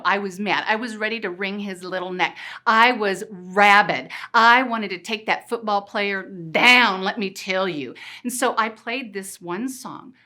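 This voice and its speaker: A middle-aged woman giving an energetic motivational talk, playful and full of rhetorical questions. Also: medium pitch, unhurried, few pauses. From Missouri. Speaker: keynote speaker. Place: conference stage.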